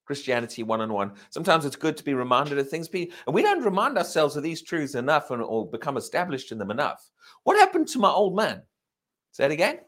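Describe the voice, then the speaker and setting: A man's voice: on the high side, big pitch swings, quick pace, few pauses, a bit bright. A man preaching a sermon, asking the congregation rhetorical questions, repeating himself and restarting phrases, and drawing out key words for emphasis. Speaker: pastor.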